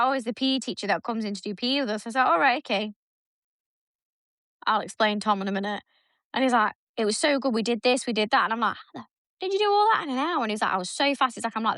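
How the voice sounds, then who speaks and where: Fast-talking animated woman. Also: on the high side, no room sound, studio quality. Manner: animated storytelling, acts out her son's lines. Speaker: podcast co-host. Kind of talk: casual chat.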